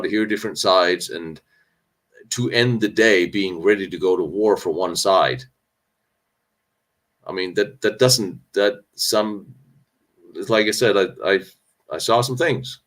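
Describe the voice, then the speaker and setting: A man's voice: lowish voice, fairly bright tone. A man hosting a live stream Q&A on battlefield history, talking candidly and rambling, with sarcastic asides and frequent restarts. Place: indoors, traveling on location.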